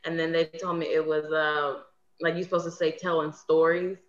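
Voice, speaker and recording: A woman's voice: deep voice, level tone, normal speed, roomy sound, dull audio. A woman in casual group conversation, musing with hesitant fillers. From grew up in many places.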